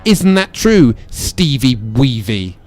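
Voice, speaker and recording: An actor playing a dry, sarcastic grown son in a radio comedy. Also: male voice, mid-range voice, very animated, slow, a little mellow. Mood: accusing. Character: sarcastic suspicious adult son.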